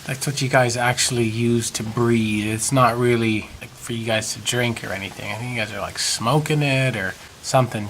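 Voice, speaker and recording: A man's voice: medium pitch, fairly bright tone, a little hiss or hum. A man giving a rambling, profane video response, now and then slipping into mock British voices. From United States. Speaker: vlogger.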